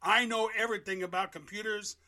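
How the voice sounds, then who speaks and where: A man making a prank phone call, playing a theatrical, flamboyant character who bursts into yelling. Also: high voice, steady tone, a little fast. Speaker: scam-baiting prank caller.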